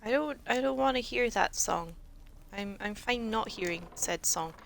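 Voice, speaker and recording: A woman's voice: medium pitch, animated, normal speed, creaky. A woman commentating casually on a video game as she plays, sarcastic and joking, with lots of swearing. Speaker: game streamer.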